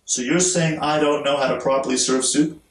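A man's voice: mid-range voice, steady tone, moderate pace, natural voice. A man voicing his wife as she protests and argues back in a rising, indignant tone. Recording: roomy, distant mic.

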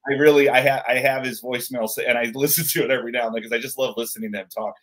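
A man's voice: medium pitch, fairly even intonation, very fast, fairly bright tone, poor audio. A man hosting a casual chat, rambling with many fillers.

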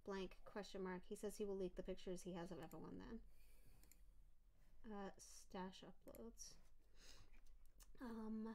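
A woman's voice: medium pitch, steady tone, unhurried, pauses often, warm tone. A woman streamer in casual live-stream commentary, reading messages aloud and reacting to them, with frequent fillers and self-interruptions.

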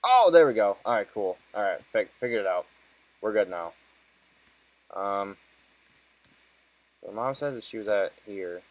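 Young man, lowish voice, casual gaming commentary, cusses a lot, frustrated, joking. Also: sing-song, unhurried, pauses often, a little mellow, poor audio. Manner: swears constantly, frustrated and joking. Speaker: let's play gamer.

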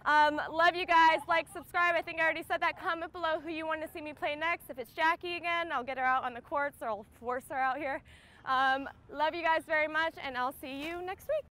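A woman's voice: high-pitched, fairly even intonation, brisk, bright, forceful tone. A young woman hosting a casual chat show, playful and laughing often as she talks with her guest. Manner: giggly, playful. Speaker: host.

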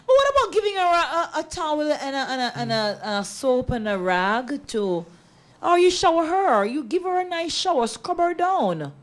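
A woman's voice: high-pitched, very animated, moderate pace. A woman co-hosting a radio talk show, bantering and teasing in a Patois-flavored casual chat. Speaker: radio co-host.

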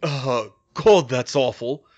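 Weak young man in pain in an audiobook, halting and stammering, read by the narrator. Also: mid-range voice, fairly even intonation, lightly acted. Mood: gasping.

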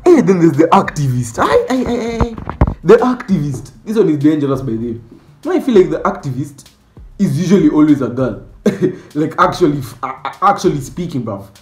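A man doing a comic monologue about school types, animated and mock-outraged, dropping Swahili slang. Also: a little high, a little fast, reverberant. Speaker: comedy sketch creator. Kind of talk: comedic monologue with skits.

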